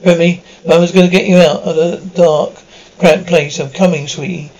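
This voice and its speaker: A man's voice: on the high side, steady tone, normal speed, darkish tone, low-quality recording. A man reading an obsessive doting mother. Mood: coaxing. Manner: pleading, cloying.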